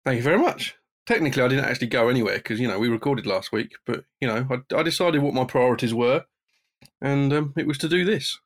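A man's voice: medium pitch, animated, fast. A man co-hosting a casual podcast, easygoing and wry. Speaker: podcast co-host.

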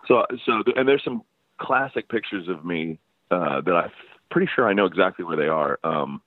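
A man with a very low voice tells loose, laughing stories as the guest musician, circling back and restarting his sentences. He comes through a dry, narrow, phone-like line. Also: lively intonation, normal speed, no room sound. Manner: rambling, laughing storyteller with many restarts. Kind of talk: casual interview chat.

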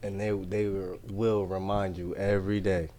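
A man's voice: low-pitched, little pitch movement, moderate pace, dark tone, a little hiss or hum. A young man and father chatting casually, talking in a laid-back, slangy way with many fillers. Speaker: guest, a father. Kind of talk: casual chat.

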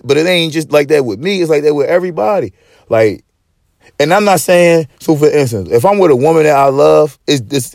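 The man's mid-range voice is gravelly yet a little mellow, heard in clean studio sound without echo. He hosts a podcast, ranting profanely in casual slang, rambling and restarting frequently, with a preachy street-slang delivery.

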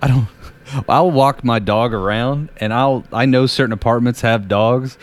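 A man's voice: medium pitch, normal speed. A man chatting casually, telling jokes and acting out silly voices. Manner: animated, acts out silly voices. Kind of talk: casual chat.

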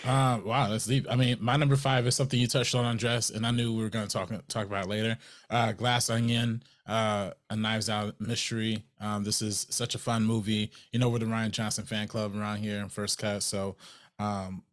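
A man's voice: fairly low pitch, level tone, normal speed. A young man co-hosting a movie podcast, talking loosely with many fillers and restarts. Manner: loose, filler-heavy, lots of "like" and "um". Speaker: podcast co-host. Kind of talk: casual movie podcast chat.

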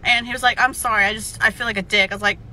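Bright-voiced frustrated woman rambling a story. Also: fairly high pitch, fairly even intonation, very fast, slight background noise. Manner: rambling, frustrated, quoting others. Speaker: single mom telling a dating story. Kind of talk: casual storytelling clip.

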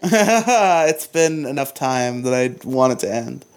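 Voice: mid-range voice, expressive, slow, faint music behind. A laid-back young American podcast guest who giggles often in casual chat.

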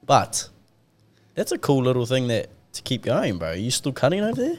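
A man's voice: mid-range voice, wildly swooping pitch, normal speed. A young man hosting a casual podcast, swearing freely and telling stories with acted-out dialogue. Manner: laid-back, swears a lot, tells stories with acted-out dialogue. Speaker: podcast host.

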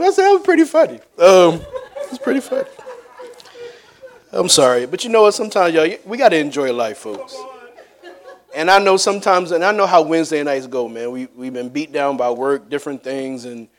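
A middle-aged man preaching a conversational sermon in a church, chatty, with laughing asides and call-outs to the congregation. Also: fairly high pitch. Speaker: evangelist preacher. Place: church sanctuary.

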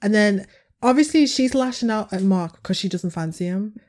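A young British woman co-hosting a casual podcast chat, animated and quick to laugh. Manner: animated, laughs often, acts out quotes in high voices. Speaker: podcast co-host.

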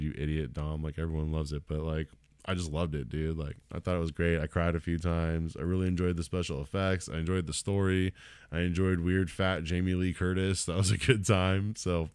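A man with a low, smooth voice hosts a solo comedy podcast, heard in a dry, studio-quality recording. A stand-up comedian, he delivers a casual monologue that rambles, swears a lot, and mocks himself.

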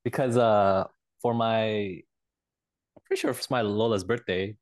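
A man co-hosting a podcast, chatting in a relaxed way, laughing often and repeating words. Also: fairly low pitch, measured pace. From Canada. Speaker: podcast co-host. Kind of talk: casual chat.

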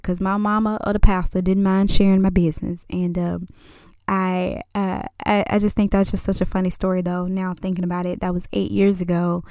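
A woman in her twenties telling a personal story casually, animated and acting out the dialogue. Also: mid-range voice, creaky, smooth, dry recording, clean studio sound. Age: 20s. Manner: lively and animated, acts out dialogue. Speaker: vlogger.

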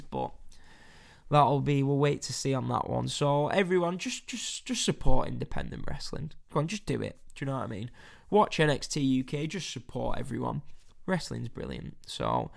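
A man hosting a solo wrestling podcast in a casual, wry way. His voice sits a little high with a gravelly edge. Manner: chatty, wry, reading stories aloud. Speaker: wrestling news podcast host.

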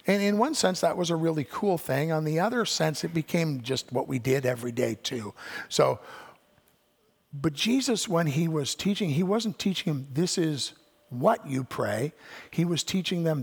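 Preaching in a church sanctuary, this older pastor has a voice on the high side with vocal fry and a slight roughness, moving at a moderate pace. He animatedly tells stories and acts out the voices of people he quotes, while long reverb from the church hall fills the recording.

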